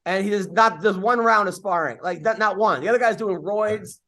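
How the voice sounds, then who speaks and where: A man's voice: high-pitched, fairly quick, pushed and bright. A man hosting a podcast, telling rambling stories in casual chat and swearing freely. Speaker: podcast host.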